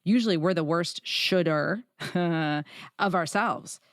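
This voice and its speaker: A woman from Chicago hosts a podcast interview in a chatty, affirming way. Her voice sits on the low side and sounds dry and close. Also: takes it slowly, dry recording. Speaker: podcast host. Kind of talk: casual interview chat.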